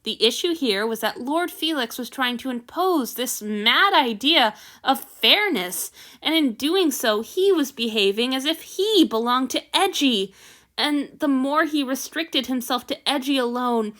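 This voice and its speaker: Bright high-voiced woman reading a story. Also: animated, a little slow. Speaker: fanfiction reader. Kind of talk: storybook narration.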